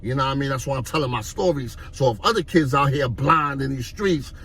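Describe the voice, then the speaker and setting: A man from Harlem, telling street stories in an animated way and acting out the voices. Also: mid-range voice, a little fast. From Harlem, New York. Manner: animated, acts out voices, repeats "you know what I mean". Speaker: storyteller. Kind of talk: street storytelling vlog.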